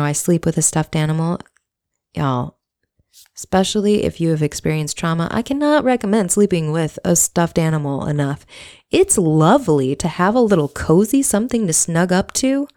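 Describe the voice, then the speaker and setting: A woman's voice: low-pitched, warm tone. A woman candidly telling a personal story in a reflective, casual monologue, swearing now and then.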